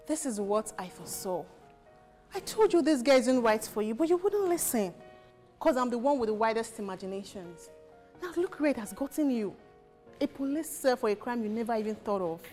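Give me an actress as an overbearing accusing woman, a bit high. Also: animated, brisk, darkish tone, soft background music, close to an everyday voice. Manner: accusing, shrill.

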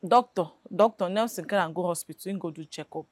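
An actress with a Nigerian Pidgin accent playing a matter-of-fact housekeeper. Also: female voice, lowish voice, fast talker, no room sound, lightly acted.

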